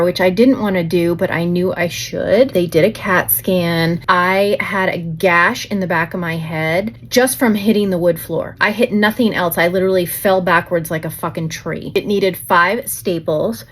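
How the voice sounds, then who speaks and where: A woman in her forties, a beauty vlogger at home, telling a dramatic personal story in a chatty, animated way, acting out her own thoughts as she goes. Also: fairly low pitch. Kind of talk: casual storytime while doing makeup.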